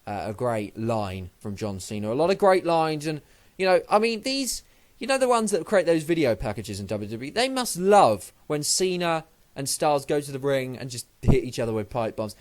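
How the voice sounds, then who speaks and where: A man's voice: medium pitch, sing-song, normal speed. A man casually reviewing a wrestling show on his own channel, rambling and swearing, and sounding like he just woke up. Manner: rambling, sweary, loses his train of thought. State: sleepy, just woken up. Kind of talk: casual solo review vlog.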